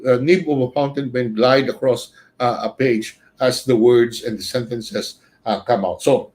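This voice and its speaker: A man teaching writing in an unscripted livestream lecture, pausing on many "uh" fillers and often ending points with a questioning "no?". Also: medium pitch. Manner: hesitant, many "uh" fillers, frequent tag "no?".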